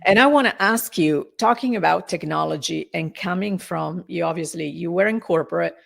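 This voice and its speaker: A middle-aged woman hosting an interview, talking haltingly and with feeling, often searching for her words. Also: lowish voice, creaky, a bit bright. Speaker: podcast host. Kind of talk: conversational interview.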